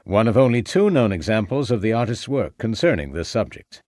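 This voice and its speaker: Brief: hearty, outgoing American antiquary, played by a male narrator, confident and animated. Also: on the low side, fairly quick, no room sound. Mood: effusive. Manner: effusive, confident.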